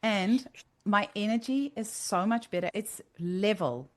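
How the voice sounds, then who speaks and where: A woman from South Africa hosting a podcast, chatting candidly and telling lively personal stories. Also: medium pitch, a little slow. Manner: chatty, candid, animated storytelling. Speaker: podcast host, homeopath. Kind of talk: casual podcast interview.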